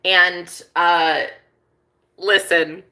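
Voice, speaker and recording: A young woman vlogger telling a story in casual chat, chatty and excitable, swearing freely and breaking into laughs. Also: lowish voice, drawn-out words.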